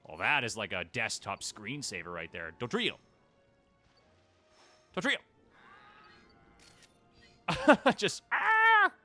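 Speaking at a medium pitch, a man hosts a gaming channel with chatty commentary as he plays. He addresses the creatures on screen and breaks into excited outbursts.

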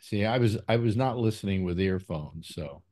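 A man's voice: fairly low pitch, lively intonation, normal speed, a little mellow. A man hosting a casual call-in panel chat, rambling with many fillers and restarts. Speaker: call-in show host.

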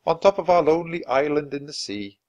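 A man's voice: on the high side, lively intonation, fairly quick, a little mellow, highs cut off, pitched above the performer's own voice, lightly acted. A man reading aloud voices an earnest, welcoming adult male monk who proudly shows visitors around.

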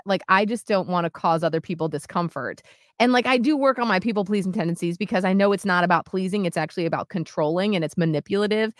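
A young woman co-hosting a radio show, talking candidly and haltingly in casual chat. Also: fairly low pitch, a bit bright, dry recording, clean studio sound. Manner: candid, halting, self-reflective. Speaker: radio co-host.

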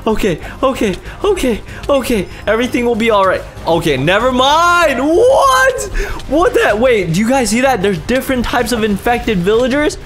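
A young man commentating a game, easily startled, swinging from hushed mutters to sudden yells. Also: extremely high pitch, lively intonation, brisk, few pauses, faint music behind. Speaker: gaming YouTuber. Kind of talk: Minecraft gameplay commentary.

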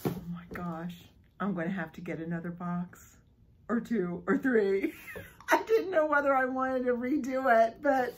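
A woman talks through a casual unboxing vlog in a slow, unhurried way, her voice slightly raised in pitch. She sounds soft and airy, with a breathy edge. She gushes and giggles excitedly. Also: low-quality recording. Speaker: vlogger unboxing a subscription box.

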